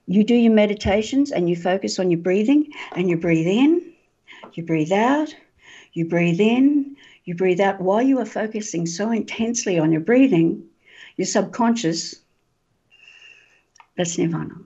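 A woman author being interviewed, an animated storyteller who laughs often and says um a lot. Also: mid-range voice, normal speed, pauses often, husky. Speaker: author and guest. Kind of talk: interview talk. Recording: dull lo-fi sound.

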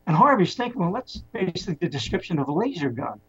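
A man's voice: high voice, fast talker, hardly any pauses, breathy edge. A man telling a long story in a casual, rambling way, often restarting his words, on a muffled lo-fi recording. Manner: rambling, animated retelling with many restarts.

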